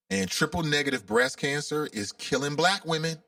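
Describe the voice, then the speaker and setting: A man's voice: on the high side, moderate pace, vocal fry, few pauses, bright, forceful tone, no room sound, clean studio sound, far from the mic. A man from Cincinnati hosting a casual call-in radio talk show, chatty and openly emotional. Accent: Cincinnati, Ohio.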